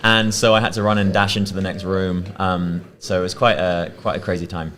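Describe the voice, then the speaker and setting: A man's voice: sits low, level tone, brisk, fairly bright tone. A man as a guest in a casual interview, talking modestly about winning. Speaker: guest, pitch winner.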